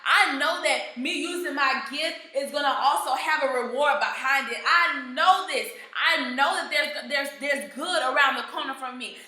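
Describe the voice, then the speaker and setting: A woman's voice: high-pitched, bright, forceful tone, very echoey. A woman playing a faithful young male prisoner who makes determined, repeated declarations.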